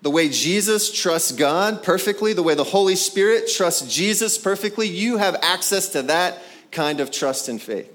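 A man with a somewhat high voice delivers a sermon in a lively, conversational way. He slips into playful character voices to act out scenes from scripture. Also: moderate pace. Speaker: pastor.

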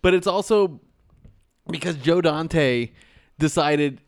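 A man's voice: on the high side, takes it slowly, dry recording. Rambling, enthusiastic man on a podcast. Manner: rambling, repeats words while searching for thoughts; enthusiastic, swears casually. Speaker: podcast co-host. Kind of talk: casual movie chat.

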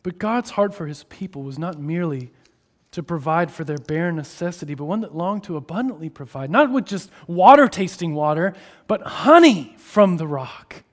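Guy preaching a sermon, kinda high voice, goes quiet then loud a lot. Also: normal speed. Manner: expressive, shifting between hushed and raised delivery.

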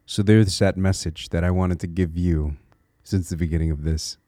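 A low-pitched man with a warm, mellow tone hosts a solo podcast, reflective and earnest as he encourages his listeners. He thinks aloud, restarting small phrases now and then. The sound is dry, with no room echo. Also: fairly even intonation, normal speed. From Connecticut, USA. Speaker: podcast host.

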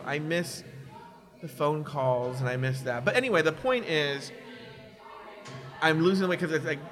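A man's voice: fairly high pitch, a little fast. A man in casual conversation, telling personal stories candidly and animatedly, sometimes mocking people by quoting them. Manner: candid, animated storyteller, does mocking quoted voices. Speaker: podcast guest.

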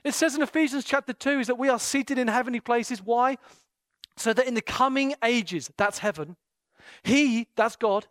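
Guy preaching hard in church, goes from quiet to loud, pretty dry sound. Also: very high-pitched, no room sound. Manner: fervent, swings between hushed and loud. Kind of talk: impassioned sermon and prayer. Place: church meeting room.

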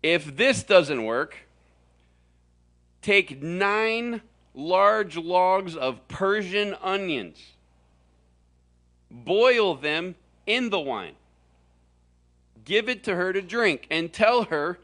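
A middle-aged man from Florida preaching a humorous sermon to a room, telling stories with animated, jokey delivery and sudden exaggerated voices. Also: high voice, drawn-out words, long pauses. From Florida, USA. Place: large room with audience.

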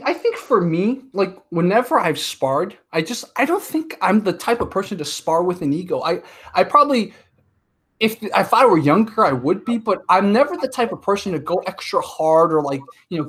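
A man in his thirties talking casually as a podcast guest, telling stories and acting out quotes in an animated way. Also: sits high, brisk, husky. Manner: chatty, animated storyteller, acts out quotes.

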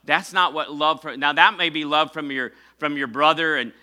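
A man's voice: fairly high pitch, steady tone, moderate pace, pushed and bright. A middle-aged man preaching a sermon as pastor, speaking conversationally with fillers and self-corrections and calling on the congregation to answer. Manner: preaching with call-and-response to the congregation.

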